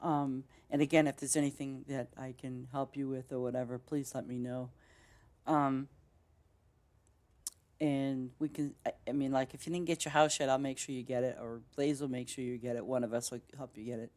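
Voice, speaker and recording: A woman's voice: rumbling low, steady tone, moderate pace, darkish tone. A woman game streamer chatting casually with her viewers as she signs off, rambling with lots of fillers and restarts. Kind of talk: casual stream sign-off chat.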